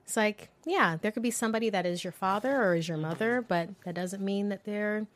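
A woman hosting a casual movie news chat, animated and joking with sudden swings in pitch. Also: fairly quick. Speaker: podcast host.

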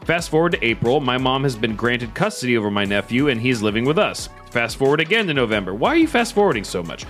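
Lively man reading stories aloud. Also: medium pitch, fast talker, faint music behind. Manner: animated, laughing asides while reading aloud. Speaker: podcast co-host. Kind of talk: comedic podcast reading of online stories.

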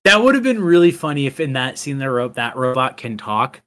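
A man's voice: mid-range voice, sing-song, a little fast, fairly bright tone. A man co-hosting a podcast, chatting casually about a film in a rambling way with many fillers. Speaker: podcast co-host. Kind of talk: casual chat.

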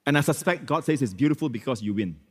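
A man preaching a sermon in church as pastor, switching between loud, emphatic exclamations and hushed, prayerful phrases, with many repetitions and hallelujahs. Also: mid-range voice, lively intonation, fast talker, in a large hall. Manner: repeats phrases, frequent hallelujahs and amens.

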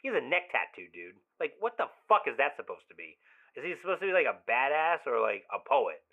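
A man's voice: fairly low pitch, very animated, brisk, vocal fry, heavily acted. An actor playing an obsessive young man who leaves rambling, swearing, overly familiar voicemails in an audio drama. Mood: agitated. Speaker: caller leaving voicemails. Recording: tinny phone-line voicemail.

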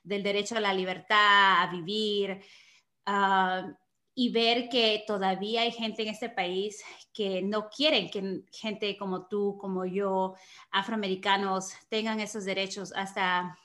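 A woman's voice: mid-range voice, level tone, normal speed, sharp tone. A woman hosting an interview in a mix of Spanish and English, earnest and heartfelt, an immigrant to the United States. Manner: earnest, gets emotional and laughs. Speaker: interview host. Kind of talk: bilingual interview chat.

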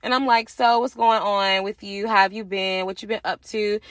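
A young woman hosting a podcast, telling a personal story in casual, profane, animated talk and acting out the other people's lines. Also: mid-range voice, moderate pace, hardly any pauses, no echo. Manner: animated, profane, acts out quoted voices. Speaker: podcast host.

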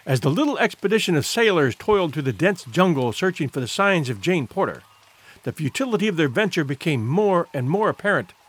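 A man reading a classic adventure novel aloud as an audiobook narrator, in an expressive, dramatic storytelling manner. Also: a little high, a little fast, slightly rough.

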